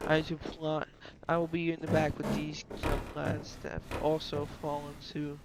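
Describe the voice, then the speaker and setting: A man doing a hushed, grave puppet spirit. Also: fairly high pitch, noisy background. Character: solemn male puppet spirit granting life.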